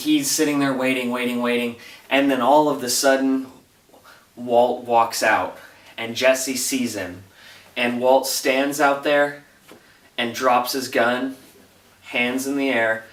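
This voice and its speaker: A man casually recapping a TV episode as a reviewer, retelling it in an animated, breathless way. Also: medium pitch, recorded from a distance. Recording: roomy echo, voice off-mic.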